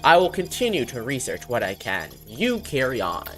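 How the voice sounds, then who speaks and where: An actor playing a formal, measured researcher character in a video game. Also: mid-range voice, wildly swooping pitch, faint music behind. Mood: grave. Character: scholarly researcher studying a ruined tower.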